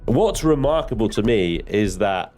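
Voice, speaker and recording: A man's voice: on the low side, lively intonation, unhurried, a little mellow, faint music behind. A man commenting on a live space game stream, chatty and joking at his own expense. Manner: chatty, jokey, self-mocking.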